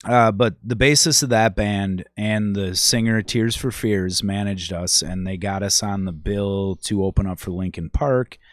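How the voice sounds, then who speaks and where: A man's voice: fairly low pitch, moderate pace, hardly any pauses, no echo, studio quality. A man from Minnesota, a musician and guest, telling stories in a rambling, laid-back podcast chat. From Minnesota, USA.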